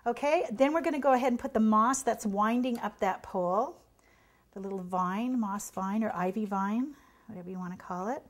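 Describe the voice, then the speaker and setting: A middle-aged pastry chef talks through a cake painting demonstration tutorial in a medium-pitched voice at a moderate pace. She's chatty and encouraging, dropping to a near whisper while she works.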